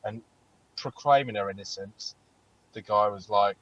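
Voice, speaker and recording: Man, podcast co-host, lively sweary storytelling, husky voice, muffled lo-fi recording. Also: fairly low pitch, normal speed, no echo. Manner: animated storytelling, heavy swearing. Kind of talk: casual chat.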